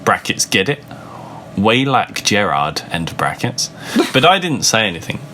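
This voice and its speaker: Man, comic reading aloud, sarcastic asides, bright voice, very lively pitch, slow delivery. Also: slight background noise. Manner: amused, sarcastic, swearing freely. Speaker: reader of a fan fiction. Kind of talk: comedic dramatic reading with mocking asides.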